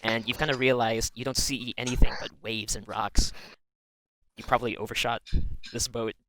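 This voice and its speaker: A man's voice: mid-range voice, little pitch movement, normal speed, bright, forceful tone, no room sound, rough recording. A man narrating as game master in a tabletop role-playing game, laid-back and laughing often.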